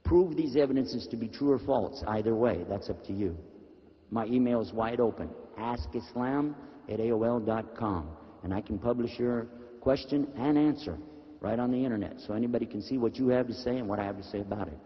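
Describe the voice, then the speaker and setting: A man's voice: mid-range voice, a little fast. A male Islamic preacher giving a sermon to an audience, emphatic and asking his listeners rhetorical questions. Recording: dull lo-fi recording with long reverb in a hall.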